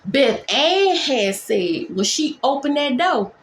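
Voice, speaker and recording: Woman nurse doing a storytime, quick dramatic bursts, kinda high voice, faint hiss. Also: sing-song, roomy sound. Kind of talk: storytime vlog.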